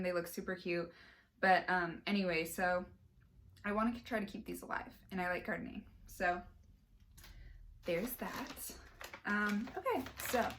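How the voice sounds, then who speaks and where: A woman's voice: on the low side, fairly bright tone. A young woman from Sacramento, California, chatting casually through a shopping haul vlog, rambling with lots of fillers and "like". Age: young adult. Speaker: vlogger.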